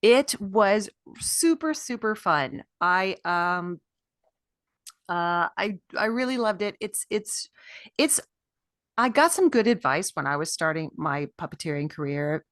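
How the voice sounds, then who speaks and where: A woman's voice: fairly low pitch, animated, measured pace, fairly bright tone, no echo, studio quality. A woman puppeteer, a guest in an interview, talking enthusiastically about her work. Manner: enthusiastic, with fillers and laughs. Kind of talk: casual interview chat.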